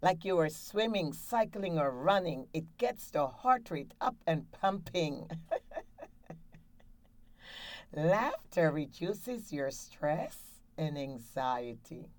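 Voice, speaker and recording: A woman's voice: deep voice, very animated, takes it slowly, few pauses. A woman hosting a laughter exercise show from a studio, guiding breathing and cheering listeners on in an upbeat way. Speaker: laughter yoga coach and show host.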